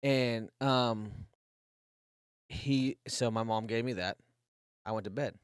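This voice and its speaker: A man in his thirties tells a rambling story on a podcast, with frequent swearing and false starts. His voice sits at an ordinary middle pitch. The sound is dry and close, with no room echo. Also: takes it slowly, clear, resonant tone. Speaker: podcast co-host. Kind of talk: casual storytelling.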